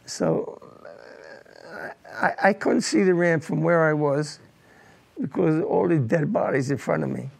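An older man, a war veteran, telling his combat memories in an oral history interview, halting and repeating words as he goes. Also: fairly high pitch, gravelly, breathy edge.

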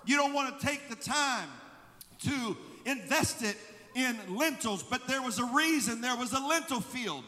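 High-voiced preaching pastor, man. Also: animated, measured pace, big-room sound. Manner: preaching, building to shouted emphasis. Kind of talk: sermon. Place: church sanctuary.

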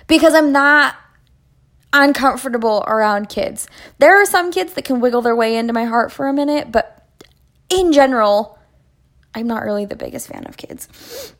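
Young female podcast host with a fairly high voice, animated and self-mocking as she tells a rambling story. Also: brisk. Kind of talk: storytelling monologue.

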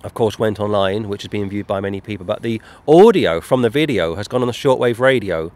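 A man, a street preacher, recounting trips in a measured, wry way during a casual chat. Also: lowish voice, a little mellow, no echo.

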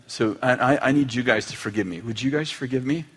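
A man's voice: medium pitch, a little fast, fairly bright tone, husky. Storytelling middle-aged male pastor. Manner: storytelling with acted family quotes and humor. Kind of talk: sermon.

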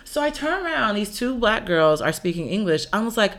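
A woman casually telling a story, animated and laughing often as she acts out what people said. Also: medium pitch, brisk. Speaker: storyteller recounting a solo trip. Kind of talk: casual chat.

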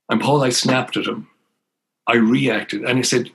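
A man's voice: mid-range voice, fairly even intonation, measured pace, creaky, fairly bright tone, husky, rough recording. An older man with an Irish accent, a priest telling his life story as an interview guest, earnest and emphatic. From Ireland.

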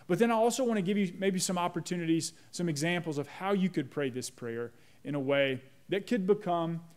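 A man preaching a sermon as pastor, slowing down to lead a prayer. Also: on the high side. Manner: measured, slows down on prayer phrases; leads the congregation in repeating a prayer.

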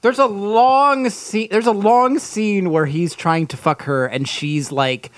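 A man on a casual comedy podcast with a slightly high voice. He rants in wry, exasperated bursts, and his voice sounds close and dry. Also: slow, no room sound. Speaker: podcast co-host.

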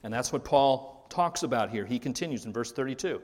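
A pastor preaching a sermon, earnest, rising to stress key words and then dropping low. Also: male voice, expressive, brisk, few pauses, a little mellow. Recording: reverberant hall.

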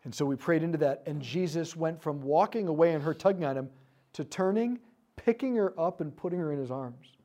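A man leading a teaching talk, telling a story about inner-healing prayer. His voice sits a little high but sounds dark and mellow. He lets it fall soft and hushed whenever he quotes a prayer. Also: a little fast. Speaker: speaker leading a prayer ministry session.

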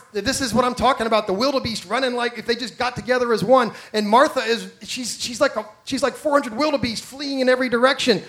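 A man's voice: high-pitched, a bit bright. A man preaching a sermon, telling stories animatedly and acting out the people he quotes, asking the congregation direct questions. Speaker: pastor.

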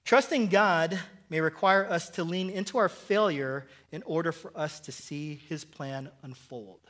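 A man's voice: a little high, measured pace, a bit bright. A man preaching a sermon in church, conversational and joking, often restarting and asking "right?". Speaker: pastor.

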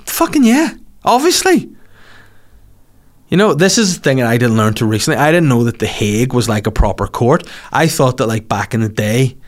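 A man rambles through a casual comic monologue, and swearing comes easily to him. His voice sits at an ordinary middle pitch for a man. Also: quick pace, hardly any pauses. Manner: swears freely, breaks into voices.

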